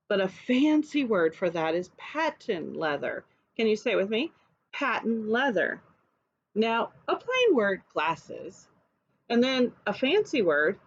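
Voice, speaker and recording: A woman's voice: medium pitch, lo-fi sound. A woman preschool teacher reading a picture book aloud and coaxing children to repeat words after her.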